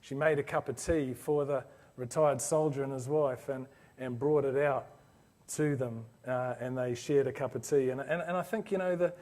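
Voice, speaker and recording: A man's voice: medium pitch, steady tone, normal speed, darkish tone. A man giving a motivational business talk to a live audience, telling a story in an earnest, anecdotal way with frequent restarts. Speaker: business speaker presenting to an orthodontics audience.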